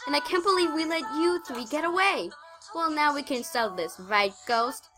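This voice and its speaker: A cruel female wolf alpha taunts in a slow, drawn-out way, as a woman puts her on. The tone is bright and fairly high. It is a villain from a home-read animal story. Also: faint music behind. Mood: gloating.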